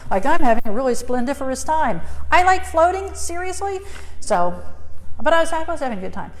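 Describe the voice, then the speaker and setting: A middle-aged woman with a fairly high voice gives a talk in a large hall, and her words ring on with a long reverb. She tells her story with lots of animation, swooping up and down and acting out her own thoughts. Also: sing-song, fairly quick. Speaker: speaker sharing a near-death experience. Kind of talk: personal talk to an audience.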